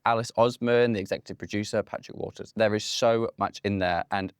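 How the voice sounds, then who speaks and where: A man's voice: on the low side, steady tone, brisk, clear, resonant tone, no echo, studio quality. A man in his late twenties hosting a comedic monologue with camp, playful, theatrical asides. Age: late 20s. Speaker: host.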